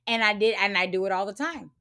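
A woman hosting a podcast, telling a story in a blunt, profane and animated casual monologue. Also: mid-range voice, quick pace, over loud music. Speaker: podcast host.

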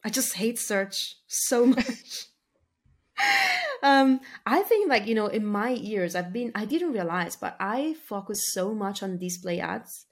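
A woman's voice: mid-range voice, lively intonation, slow pace. A woman speaking as a marketing guest on a podcast, talking in a chatty, filler-heavy casual way and laughing easily. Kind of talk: casual interview talk.

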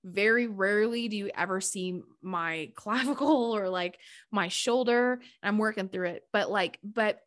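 A woman's voice: mid-range voice, measured pace, a bit bright. A woman hosting her own podcast in a casual, confessional monologue, chatty and full of "like" fillers, with frequent laughs. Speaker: podcast host.

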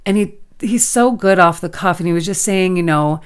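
A woman's voice: lowish voice, moderate pace, smooth. A woman co-hosting a podcast, telling a story in casual chat and acting out the quoted lines. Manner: animated storyteller, acts out quotes. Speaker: podcast co-host.

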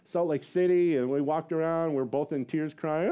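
A man's voice: normal speed, hardly any pauses, clean tone. A male pastor preaching a sermon as a rambling personal story, acting out what people said with big swings in his voice and laughing at himself. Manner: animated, acts out quotes with big pitch jumps; rambling with many fillers and self-laughs.

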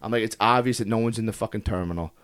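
A man's voice: lowish voice, rapid-fire, fairly bright tone, clean tone. A young man telling a story in casual podcast chat, heated and profane, swearing constantly as he talks.

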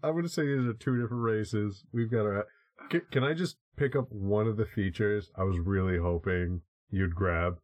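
A man with a low, deep voice co-hosting a podcast in casual chat. He sounds wry and amused and often pokes fun at himself. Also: moderate pace, highs cut off. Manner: wry, amused, self-deprecating. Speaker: podcast co-host.

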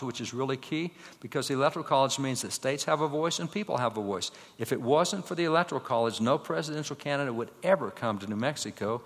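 A man giving a slide-show lecture to an audience, telling stories, asking rhetorical questions and running through quick lists of names. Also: mid-range voice, a bit bright, in a large hall. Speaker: public speaker.

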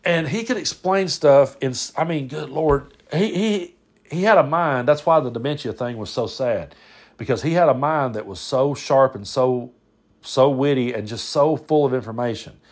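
A man's voice: mid-range voice, normal speed. Man telling stories with restarts. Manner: rambling, repeats words, frequent restarts. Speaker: podcast host. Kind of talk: casual storytelling monologue.

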